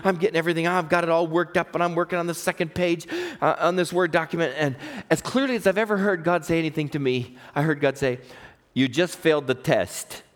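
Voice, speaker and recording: A man preaching a sermon, swinging between emphatic, raised exhortation and quiet personal storytelling. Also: on the high side, fast. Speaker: pastor.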